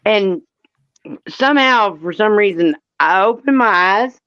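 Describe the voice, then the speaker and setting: A woman's voice: mid-range voice, expressive, a little slow, clean tone, dry recording. Woman, casual chat, blunt cursing storyteller, dry muffled sound. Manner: blunt, profane, laid-back storytelling. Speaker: co-host.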